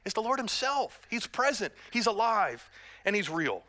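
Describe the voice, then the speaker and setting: A man's voice: high-pitched, sing-song, normal speed, bright, forceful tone. A middle-aged man preaching a sermon as pastor, earnest and direct with the congregation, mixing in self-deprecating humor.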